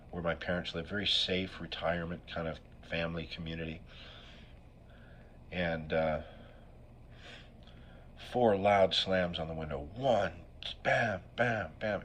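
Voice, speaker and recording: A man's voice: low-pitched, a bit bright, a little hiss or hum. A middle-aged man telling an emotional personal story as a recovery speaker. He talks in a raw, profane way, keeps asking "right?", and sounds sniffly from allergies.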